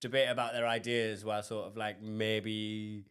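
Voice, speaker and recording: A man co-hosting a casual podcast, telling stories quickly with frequent laughs. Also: fairly low pitch, clean tone. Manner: fast, animated storytelling, laughing often. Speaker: podcast co-host. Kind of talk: casual pub-style chat.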